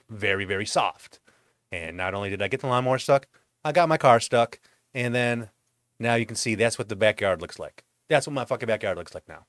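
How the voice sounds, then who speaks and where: A man's voice: medium pitch, no echo, clean studio sound. Exasperated, foul-mouthed man ranting. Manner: profane ranting; exasperated, animated storytelling. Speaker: vlog host. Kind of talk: comedic monologue. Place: home.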